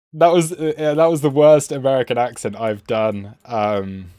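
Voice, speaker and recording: A man's voice: medium pitch, dark tone, no echo, studio quality. A man hosting a live trading stream, chatting casually with frequent fillers and self-mocking asides.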